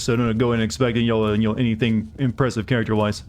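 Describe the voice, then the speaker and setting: A man's voice: mid-range voice, steady tone, fast talker, a little mellow, a little hiss or hum. A male streamer giving casual, rambling gameplay commentary while chatting with viewers. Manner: chatty, rambling, many restarts.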